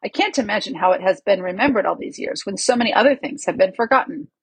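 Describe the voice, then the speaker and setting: A woman reading the part of a noble young male king who speaks gravely and calmly. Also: mid-range voice, no echo. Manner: grave, measured.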